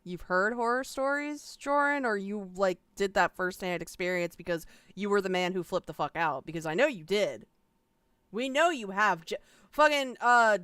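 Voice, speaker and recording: A woman's voice: medium pitch, a bit bright, clean tone, dry recording. A woman streamer giving casual, sarcastic reaction commentary, swearing freely and mocking what she watches.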